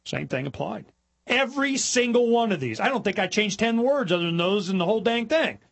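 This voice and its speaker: A middle-aged man hosting a talk show, telling stories in a rambling, animated way and mimicking other people in high mocking voices. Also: brisk, creaky. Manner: rambling, with repetitions and restarts. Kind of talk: casual monologue.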